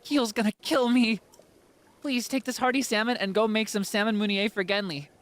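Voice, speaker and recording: A man voicing an excitable, scatterbrained bird-folk child in a squeaky, breathless voice. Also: moderate pace, slight background noise. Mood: flustered.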